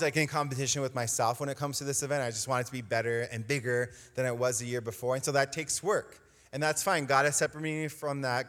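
A man's voice: medium pitch, a bit bright, long reverb tail. A man giving a casual devotional talk as a youth pastor, who keeps checking in with "right?". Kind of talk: devotional talk with a personal story.

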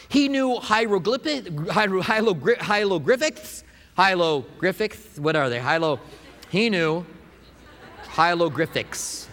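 A man preaching a sermon as pastor, lively and conversational, often asking the congregation questions. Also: fairly high pitch, long reverb tail.

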